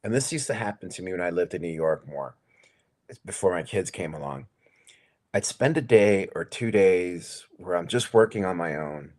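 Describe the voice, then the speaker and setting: A man in his forties co-hosting a podcast in casual chat, laid-back, laughing often and swearing casually. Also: low-pitched. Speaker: podcast co-host.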